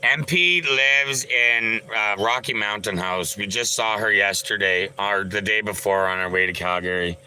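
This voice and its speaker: A man's voice: fairly low pitch, fairly even intonation, moderate pace, hardly any pauses, pushed and bright, slight background noise, rough recording. A man hosting a casual livestream, rambling and joking as he greets viewers by name and answers their chat. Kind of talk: casual live-stream chat.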